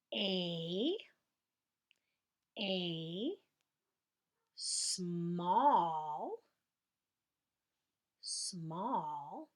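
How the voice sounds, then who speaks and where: Woman, primary teacher, encouraging, stretches each sound, animated intonation. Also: medium pitch. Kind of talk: slow spelling dictation for young children.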